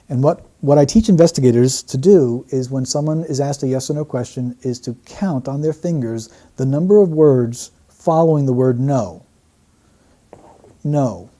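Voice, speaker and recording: A man's voice: mid-range voice, mellow. A man analysing an interview clip, explaining the wording of a statement phrase by phrase. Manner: explanatory, breaks down quotes phrase by phrase. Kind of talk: analytical commentary.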